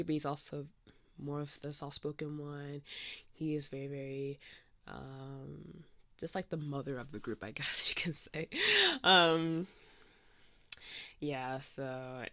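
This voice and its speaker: Woman, podcast host, casual rambling chat, bright voice, dry close sound. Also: deep voice, no room sound. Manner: chatty, meandering, full of "um" and "like".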